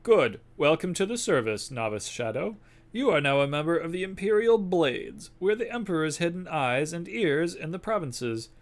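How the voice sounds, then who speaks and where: A man voicing an older male spymaster, reading game dialogue aloud in a formal, measured way during a livestream. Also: a little high, expressive, pitched above the performer's own voice. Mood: formal briefing.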